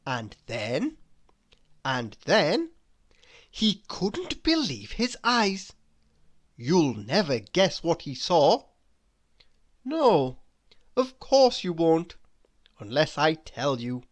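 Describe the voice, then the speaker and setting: Children's read-aloud storyteller, female; unhurried and bouncy, playful and teasing with the listener. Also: deep voice, big pitch swings.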